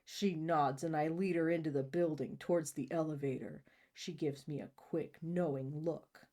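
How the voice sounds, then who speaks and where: A woman host reading a novel aloud in a deadpan way, breaking off for jokey asides. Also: low-pitched, moderate pace. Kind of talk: comic read-aloud of a novel.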